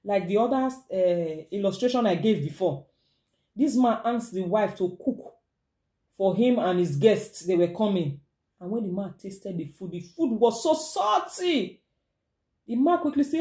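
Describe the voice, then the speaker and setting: Nigerian woman, relationship advice vlog, animated, mellow tone, roomy echo. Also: mid-range voice, moderate pace. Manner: animated, acts out quoted voices, mixes in pidgin. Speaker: vlogger giving relationship advice. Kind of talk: casual advice monologue.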